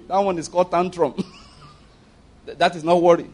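A middle-aged Nigerian man delivering a sermon, his voice sitting a little higher than most men's. He preaches in a loose, conversational way, repeating phrases for emphasis. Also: fairly even intonation, measured pace, pauses often, a little mellow. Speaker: pastor.

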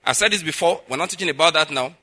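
A man's voice: on the high side, very fast, bright, forceful tone. A man preaching a sermon as a pastor, emphatic, often checking in with the listeners with asides. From Nigeria.

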